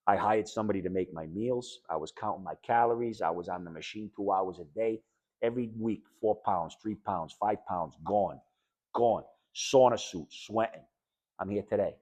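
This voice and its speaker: Telling his own patient story to an audience, a middle-aged man with a New England accent talks at a moderate pace in a fairly low voice. He's blunt, emphatic and conversational, and he brings others' words to life in animated voices.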